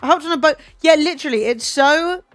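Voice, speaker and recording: High-pitched and brisk, this streamer from Britain banters with a guest in a teasing, disbelieving way and swears without restraint. The close mic sounds dry with no echo, and faint music plays in the background.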